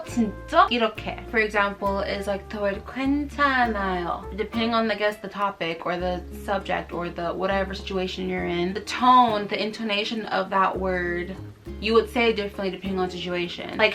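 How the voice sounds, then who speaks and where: A woman's voice: mid-range voice, steady tone, a little fast, pushed and bright, faint music behind. A woman in her twenties with a Californian accent, chatting casually to camera about learning a language, giggly and self-mocking. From United States. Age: 20s.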